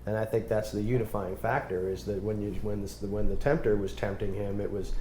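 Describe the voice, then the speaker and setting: A man's voice: on the low side, flat delivery, fairly quick, dark tone, a little hiss or hum. A man leading a group Bible study discussion, talking in a thoughtful, conversational way with fillers and restarts.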